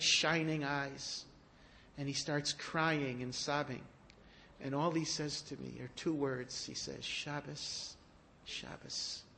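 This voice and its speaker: A man giving a sermon, telling stories in an animated way that rises to emphatic peaks. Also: on the high side. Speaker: rabbi giving a talk. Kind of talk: storytelling sermon.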